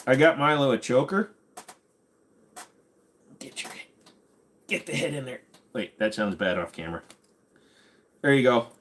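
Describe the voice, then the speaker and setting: A man hosting a casual livestream, talking bluntly and crudely, his voice tiring and going hoarse. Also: medium pitch, sing-song, a little slow, pauses often, fairly bright tone, slight background noise. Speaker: livestream host.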